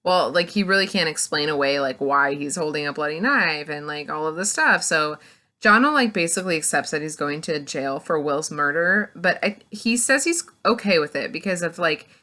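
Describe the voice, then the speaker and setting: A woman giving a casual, chatty book review, retelling the plot with lots of "like" and quick acted-out bits of dialogue. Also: sits low. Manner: chatty and animated, retells scenes in quick acted-out snippets, heavy "like".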